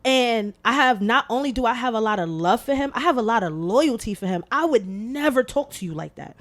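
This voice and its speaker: A woman hosting a podcast, telling a story in casual, animated chat full of swearing. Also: fairly high pitch, fairly quick. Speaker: podcast host.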